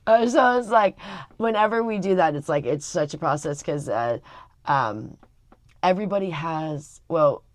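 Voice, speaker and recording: A woman's voice: low voice, dry recording. A middle-aged woman vlogging casually to camera, rambling with many fillers and restarts. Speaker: family vlogger.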